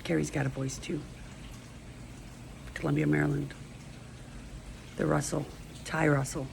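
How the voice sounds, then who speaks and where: In a deep, gravelly voice with little rise and fall, a middle-aged vlogger speaks at a measured pace against a noisy background. Her personal video monologue is emotional and rambling, drifting along as a stream of consciousness.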